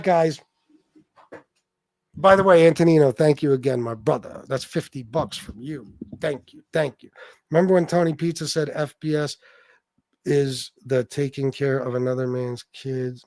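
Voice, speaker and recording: A man's voice: medium pitch, darkish tone, dry recording. A man hosting a casual livestream chat, talking bluntly and swearing freely while reading out viewer names. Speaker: livestream host.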